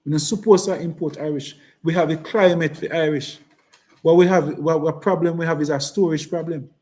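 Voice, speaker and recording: On the high side and darkish, this man's voice holds a steady tone at a fairly quick pace as he gives a fervent campaign speech in a Jamaican accent, repeating himself and shifting into patois.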